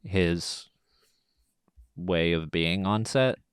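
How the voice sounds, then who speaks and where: A man co-hosting a podcast who talks about a film in a slow, measured way, with many pauses. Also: low-pitched, clean tone, dry recording, studio quality. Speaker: podcast co-host. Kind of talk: casual film discussion.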